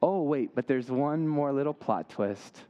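A man's voice: mid-range voice, lively intonation, unhurried, dark tone, lo-fi sound. A young man giving an interactive sermon, quizzing his listeners and making playful asides. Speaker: youth camp speaker.

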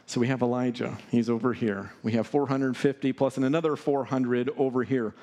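A man's voice: mid-range voice, fairly even intonation, moderate pace, mellow. A man preaching a sermon, retelling a scripture story with humor and acting out the characters in mocking voices. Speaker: pastor.

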